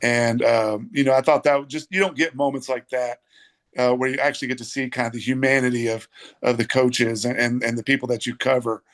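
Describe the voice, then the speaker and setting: A man, a sportswriter guest, telling a story in a reflective, halting way with many fillers. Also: medium pitch, little pitch movement, a bit bright. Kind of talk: casual storytelling.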